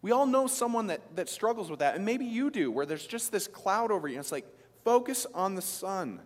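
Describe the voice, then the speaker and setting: A man's voice: high-pitched, big pitch swings, brisk. A man, preaching a sermon in an emphatic, conversational way with frequent restarts. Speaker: pastor. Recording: long reverb of a large hall.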